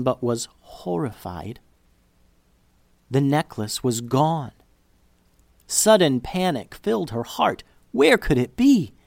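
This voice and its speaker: A man reads a children's story aloud with an expressive, animated delivery. His pitch climbs and dips freely through each sentence, and the recording is dry and close. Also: no echo.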